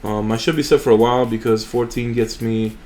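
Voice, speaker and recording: A man's voice: mid-range voice, fairly even intonation, fairly quick, a little mellow, soft background music. A young man hosting a mobile game channel, chatting casually and rambling with fillers and restarts over his gameplay.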